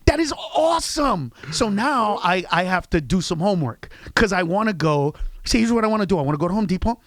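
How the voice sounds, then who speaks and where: A man with a fairly high voice tells stories with a lot of energy. He breaks into impressions and sometimes shouts the punchlines. The studio sound is dry and close. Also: a little fast, no echo. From Honduras. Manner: animated storytelling, jumping into loud impressions and shouted punchlines. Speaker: comedian guest. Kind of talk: radio interview banter. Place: radio studio.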